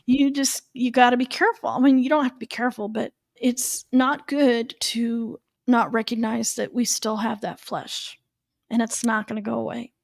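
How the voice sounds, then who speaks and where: Young woman, podcast co-host, candid storyteller, fairly high voice, dry close mic. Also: steady tone, moderate pace, creaky, no echo. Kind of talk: casual faith podcast chat.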